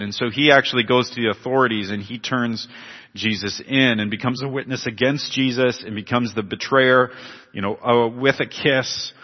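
Man preaching in an echoing hall. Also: mid-range voice. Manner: retells scripture with acted quotes, many restarts. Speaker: pastor. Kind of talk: sermon. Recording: muffled sound with long hall reverb.

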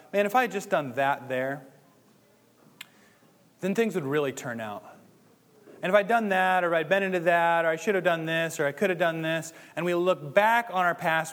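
A man preaches in a relaxed, conversational manner and acts out the inner thoughts of his listeners. His voice sits slightly high for a man. It rings with the long reverb of a hall. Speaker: pastor. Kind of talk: sermon.

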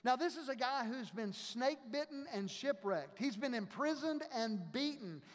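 A pastor preaching a sermon, emphatic and repetitive, reading scripture and leading a prayer. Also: male voice, very high voice, animated, normal speed. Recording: long hall reverb.

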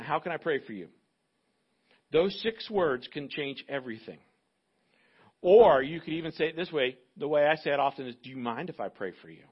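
A man preaching a sermon as pastor, animated and acting out little dialogues in different voices. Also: on the high side, dull audio.

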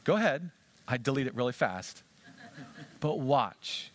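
A male pastor giving an animated sermon, acting out conversations with a volunteer on stage. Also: mid-range voice, measured pace.

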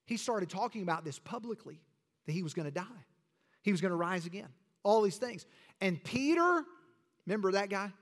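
A man in the pulpit delivers a sermon, his voice on the higher side for a man. He moves between loud, forceful bursts and soft, quiet drops as he preaches. His voice rings out in the long reverb of a big church hall. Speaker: pastor. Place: church sanctuary.

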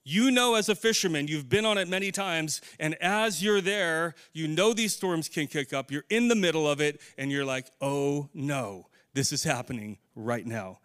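A man's voice: on the high side, moderate pace, hardly any pauses, a bit bright, smooth. A middle-aged man preaching a conversational sermon, putting questions to his congregation. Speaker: pastor.

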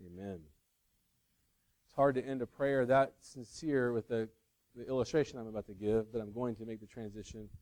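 A man's voice: medium pitch, flat delivery, fairly quick, darkish tone. Conversational male pastor preaching. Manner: conversational, self-interrupting, acts out movie scenes. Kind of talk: sermon.

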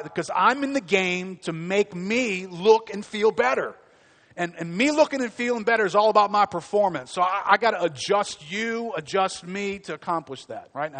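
His pitch runs fairly high as he preaches, keeping the tone animated and chatty. Rhetorical questions come one after another throughout the sermon.

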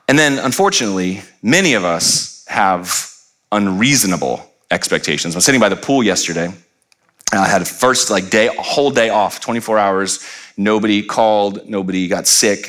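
A man's voice: on the low side, fairly bright tone. Joking pastor in his thirties. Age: 30s. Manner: storytelling with jokes and asides to the congregation. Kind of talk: humorous sermon. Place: church sanctuary.

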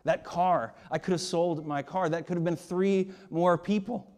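A remorseful man, broken by regret, speaks low and quiet over what more he might have given up, as a preacher quotes him. The voice is slightly high for a man, subdued and heavy. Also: steady tone, moderate pace. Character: remorseful middle-aged man weeping over those he failed to save.

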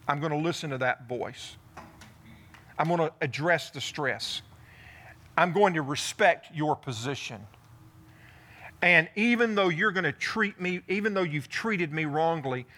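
A man preaching to a congregation in a bright, ringing voice that sits a little high. He retells scripture with lively, animated energy and steps into the story's speakers as he goes. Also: unhurried. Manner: animated preaching, voicing David in first person. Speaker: pastor. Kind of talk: sermon. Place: church in front of a congregation.

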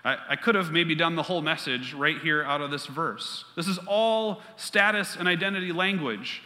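A man preaching a sermon as pastor, emphatic, repeating key lines, with quick asides. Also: on the high side, sharp tone. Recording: long reverb of a large hall.

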